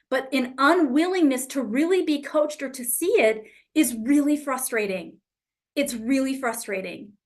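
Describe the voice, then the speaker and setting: A woman coach with a fairly high voice talking casually to her group. She is candid and blunt, swears freely, and throws herself into acting out both sides of conversations as she teaches. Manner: lively, acts out quoted exchanges.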